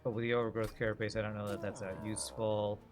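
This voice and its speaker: A man's voice: lowish voice, flat delivery, fast talker, faint music behind. Chatty male game streamer. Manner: chatty, jokey, talks to chat while playing. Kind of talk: casual gameplay commentary.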